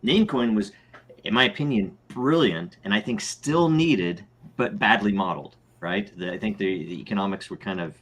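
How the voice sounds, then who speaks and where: A man's voice: lowish voice, moderate pace, a bit bright. A man co-hosting a casual roundtable chat, hesitant and searching for words. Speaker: co-host.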